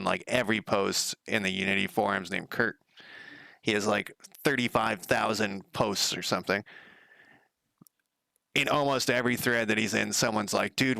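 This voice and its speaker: Gravelly, profane man live-coding. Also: fairly low pitch, pushed and bright, no room sound. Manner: rambling, profane, laughs at himself. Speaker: game developer streaming his work. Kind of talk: casual live-coding commentary.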